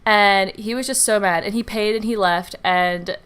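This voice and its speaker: A woman's voice: mid-range voice, steady tone, moderate pace, fairly bright tone, clean tone. A young woman telling a story in a casual, rambling way over her gameplay. She uses many fillers and asides. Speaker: YouTube game builder.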